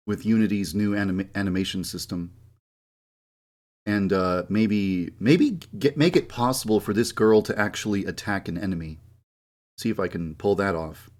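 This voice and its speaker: A man's voice: lowish voice, a little mellow. A young man streaming from his computer, chatting casually and then switching into a formal, lecturing tone, sometimes grumbling in frustration. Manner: shifts into a formal, lecturing delivery. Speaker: game developer streaming. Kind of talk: casual livestream chat.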